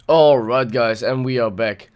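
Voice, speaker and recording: A man's voice: medium pitch, sharp tone, clear, resonant tone. A man giving live gameplay commentary, frustrated and swearing at the game as he plays. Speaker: gameplay video creator.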